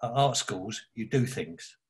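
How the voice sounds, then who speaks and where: A man with an East London Cockney accent, telling blunt, animated stories as an author guest in a casual interview. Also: fairly low pitch, unhurried, breathy edge. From England. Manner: blunt, animated storyteller who swears.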